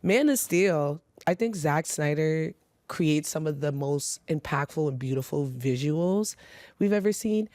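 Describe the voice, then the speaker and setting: A woman's voice: deep voice, expressive, unhurried, mellow, no room sound. A woman with a New York accent co-hosting a podcast in casual, enthusiastic chat, laughing often. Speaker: podcast co-host.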